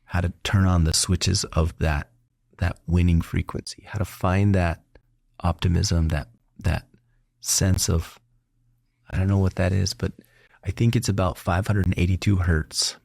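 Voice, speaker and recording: A middle-aged man with a deep, gravelly voice and a touch of husky rasp hosts a relaxed interview. He tells stories warmly and animatedly, laughing and putting on voices for the people he quotes. The sound is close and dry. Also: measured pace, dry recording. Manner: animated storyteller who laughs often and acts out quotes. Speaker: doctor and podcast host. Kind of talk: casual conversational interview.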